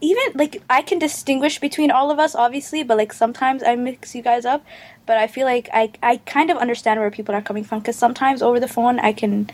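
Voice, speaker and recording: A young woman co-hosting a casual podcast chat, curious and quick to laugh. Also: fairly high pitch, fairly even intonation. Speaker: podcast co-host.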